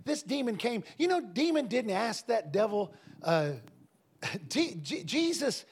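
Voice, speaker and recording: A man preaching a sermon to a congregation, telling stories emphatically and breaking into shouts and laughter. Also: very high-pitched, a little slow, breathy edge. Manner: emphatic, swings into shouting and laughter, lively storytelling. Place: church service with a congregation.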